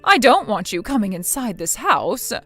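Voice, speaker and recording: A woman voicing a spiteful, domineering older mother-in-law in a scripted text-message drama, scolding harshly and loudly. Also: mid-range voice, big pitch swings, normal speed, soft background music.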